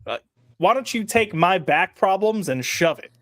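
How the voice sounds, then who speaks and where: A man's voice: high-pitched, animated, moderate pace, fairly bright tone, no room sound, clean studio sound. A man hosting a casual podcast chat, teasing his co-hosts and laughing often. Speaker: podcast host.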